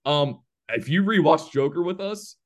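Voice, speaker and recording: A man's voice: a little high, animated, normal speed. A man hosting a casual film podcast, rambling and joking, laughing often. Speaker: podcast host.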